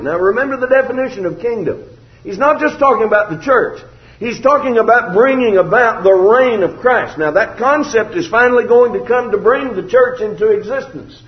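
A man's voice: high voice, lively intonation, moderate pace. A man preaching a sermon in an emphatic, formal cadence, quoting scripture. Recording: roomy, slightly dull recording.

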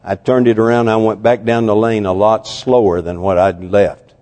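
An older man preaching a sermon, telling stories, swinging from loud and high to hushed. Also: fairly even intonation, normal speed. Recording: long hall reverb.

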